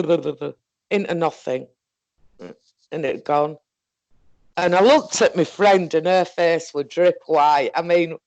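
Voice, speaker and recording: A woman with a Northern English accent telling a story in a casual, halting, rambling way, swearing often. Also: fairly low pitch, no echo. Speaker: guest recounting an experience.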